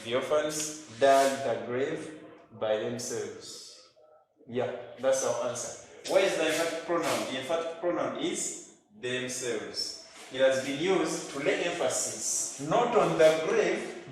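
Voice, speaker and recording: A Ugandan man teaching an English grammar lesson, speaking slowly and emphatically and repeating each example sentence. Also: mid-range voice, expressive. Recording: very echoey room, faint noise.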